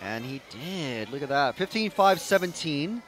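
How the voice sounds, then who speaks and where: This man's fairly high voice swings widely in pitch as he delivers rambling live race commentary at a measured pace, leaning heavily on fillers. The rough recording was made trackside at an outdoor racetrack, and his manner is chatty.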